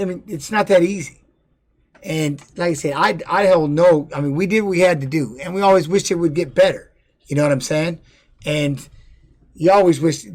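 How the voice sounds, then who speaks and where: Blunt, profane middle-aged man streaming. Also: fairly high pitch. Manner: blunt, profane, with many restarts and "you know what I mean". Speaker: former fighter streaming to viewers. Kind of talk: casual livestream storytelling.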